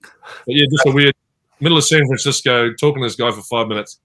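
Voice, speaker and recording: A man's voice: medium pitch, quick pace, fairly bright tone. A man with a New Zealand accent, chatting as a guest on an online fan panel and telling stories that act out what people said to him. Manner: chatty storyteller, acts out quoted lines. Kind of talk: casual panel chat over video call.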